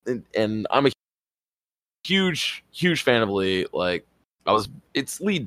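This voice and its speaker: A man telling a rambling, excitable story as a podcast co-host, swearing casually. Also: lowish voice, slow pace, no echo. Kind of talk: casual chat.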